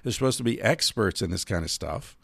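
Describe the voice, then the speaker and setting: A man hosting a solo podcast, ranting profanely, dropping low and calm and then rising loud and high. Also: fairly quick, gravelly, no room sound, studio quality. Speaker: podcast host.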